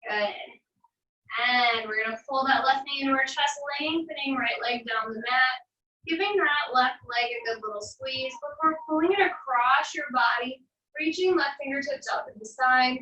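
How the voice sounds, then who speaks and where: A woman fitness instructor calmly guiding a stretching cool-down, with encouraging cues and wry little asides. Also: sits high, moderate pace, recorded from a distance, lo-fi sound. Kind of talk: guided barre cool-down instruction. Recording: echoey room, voice from off-mic.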